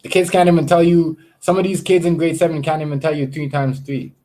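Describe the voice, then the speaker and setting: A man's voice: on the high side, flat delivery, brisk, dark tone. A man chatting casually on a livestream, rambling and swearing, often repeating words as he talks to his viewers. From Canada. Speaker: live streamer.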